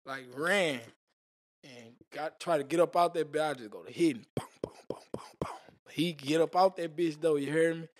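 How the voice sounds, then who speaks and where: A man's voice: a little high, normal speed. A man telling a wild story as a podcast guest, with casual, profane slang and spoken sound effects.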